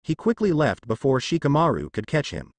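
A man reading fan fiction aloud as narrator, in a lively, sing-song delivery. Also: on the high side, brisk, dry recording.

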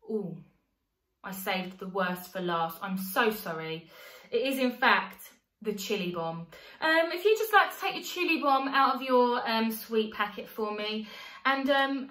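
Bright, high-voiced woman leading a warm-up. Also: roomy sound. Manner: playful, encouraging, sings along to demonstrate. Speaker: vocal coach. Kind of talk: online vocal warm-up class for children.

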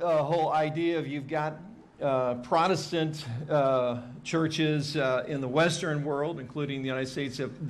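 A man teaching a Bible passage in a relaxed, chatty sermon style, with many fillers and dry jokes. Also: on the high side. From Hawaii. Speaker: pastor teaching a Bible study.

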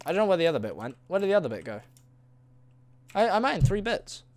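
This male gaming video host talks fast in a high voice, casually narrating his own play. He wanders off on playful tangents, addresses the creatures he encounters, and breaks into excited yells, all captured in a dry recording.

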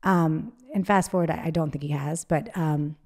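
With a deep, slightly mellow voice, a woman appears as a guest author in an interview. She talks openly and with feeling, stopping and starting her sentences frequently.

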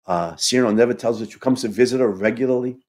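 A man in a podcast conversation, retelling a play emotionally, halting and restarting often. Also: medium pitch, a little mellow. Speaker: podcast co-host.

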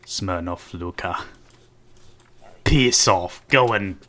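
A man voicing a rude male border inspector in a deliberately bad fake Russian accent, talking in broken grammar. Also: deep voice, sharp tone, pitched below the performer's own voice, exaggerated voice. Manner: broken grammar, curt and insulting. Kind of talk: joking game commentary in character.

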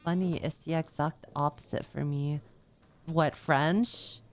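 Female streamer, playful gameplay chat, slow drawl. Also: low-pitched, a little hiss or hum. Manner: chatty, playful, excitable. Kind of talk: casual gameplay commentary.

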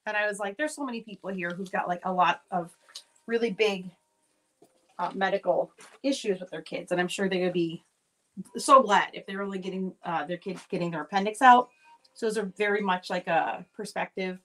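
A woman in her thirties hosts a casual live sale, her voice sitting in a middle pitch. She rambles through stories with plenty of fillers and restarts. When quoting her children she jumps her voice up higher. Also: brisk, rough recording. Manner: rambling storytelling with many fillers; acts out her kids' lines in a higher voice. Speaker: live sale host selling jewelry. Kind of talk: casual chatty live selling.

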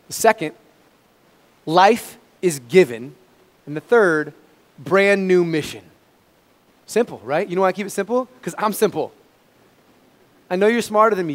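High-voiced preacher man in a hall. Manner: swings between loud emphatic peaks and quiet low asides. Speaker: pastor. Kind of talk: sermon. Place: church sanctuary.

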